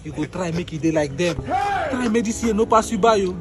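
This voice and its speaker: High-voiced Nigerian Pidgin man lecturing. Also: a little fast. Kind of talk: comedy skit acting.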